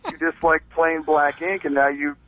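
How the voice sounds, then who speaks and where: A man calling in to a radio show, talking in a halting, stammering, good-humored way. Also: on the high side, level tone, a crowd in the background. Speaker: caller. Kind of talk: call-in radio chat. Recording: dull, lo-fi phone line.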